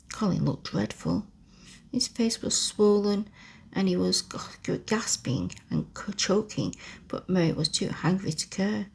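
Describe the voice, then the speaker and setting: Gravelly whispering woman reading a story. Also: mid-range voice, expressive. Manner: slow, soft whispered reading. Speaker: ASMR storyteller. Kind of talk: whispered role-play.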